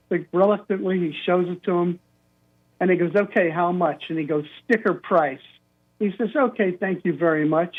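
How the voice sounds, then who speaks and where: An older man telling an animated story as a caller to a radio show, acting out the quotes. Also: sits high, moderate pace. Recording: tinny phone line.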